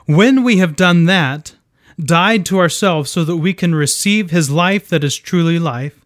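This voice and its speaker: Man, fairly high voice, dry close sound; measured earnest Bible teaching read from a script. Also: dry recording.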